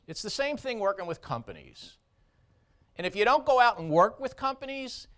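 A surgeon delivers a conference keynote in a high-pitched, fairly bright voice. He is blunt and emphatic, hammering points home with short repeated phrases.

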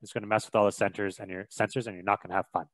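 A man's voice: lowish voice, level tone, racing, dry recording, poor audio. A young man from Canada giving a casual video production lesson, chatty and emphatic with frequent fillers, in a home room by a window. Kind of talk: casual instructional talk.

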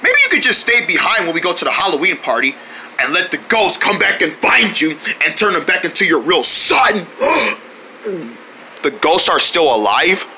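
A man's voice: high voice, lively intonation, fairly quick, sharp tone. A man voicing goofy cartoon characters in playful, sing-song banter.

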